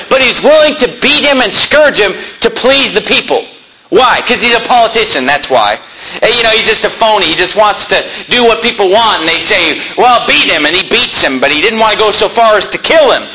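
Animated, high-pitched male preacher. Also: brisk, slight background noise, rough recording. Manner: animated, impassioned, reads scripture aloud and acts out speakers. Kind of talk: sermon.

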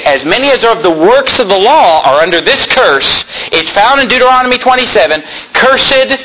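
A male pastor preaching a sermon in a loud, yelling style, in a church room with no sound system. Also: high-pitched, a little hiss or hum, rough recording. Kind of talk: fiery sermon.

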